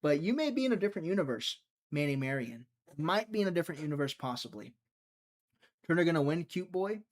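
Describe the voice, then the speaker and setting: Very animated and fast, this young Mississippian speaks in a slightly high voice while running a laid-back live stream. He jokes around, rambles, and reads out viewers' chat before responding.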